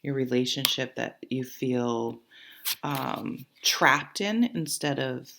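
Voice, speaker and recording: A woman's voice: very deep voice, creaky. A woman with a stuffy nose from a cold, giving a casual tarot reading and thinking aloud as she goes, with many fillers. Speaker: tarot reader.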